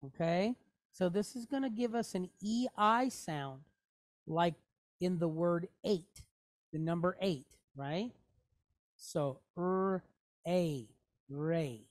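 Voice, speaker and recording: A woman's voice: on the low side, takes it slowly, pauses often, no echo. A woman teaching a Hebrew reading lesson, going step by step and checking in often with her students. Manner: patient, step-by-step, checking in with "okay? right?". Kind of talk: classroom lesson.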